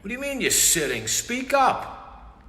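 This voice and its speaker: A man hosting a live stream, exasperated, shouting for an answer and muttering curses under his breath. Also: extremely high pitch, wildly swooping pitch, unhurried. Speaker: stream host. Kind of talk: casual live-stream comedy bit. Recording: echoey room with long reverb, faint hiss.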